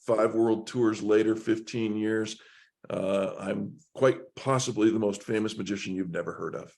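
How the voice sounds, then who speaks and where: Lower-voiced man telling wry stories. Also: steady tone, normal speed, creaky, a little mellow. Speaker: podcast guest, magician. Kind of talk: casual interview talk.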